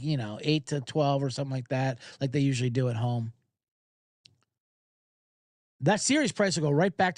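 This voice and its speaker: A man hosting a sports betting podcast, talking casually in an animated, profane, rambling way. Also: medium pitch, no echo.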